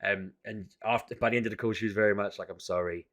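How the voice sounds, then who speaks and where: A man venting in a casual vlog to camera, exasperated and animated, often restarting his sentences. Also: on the low side, fast. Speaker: vlogger.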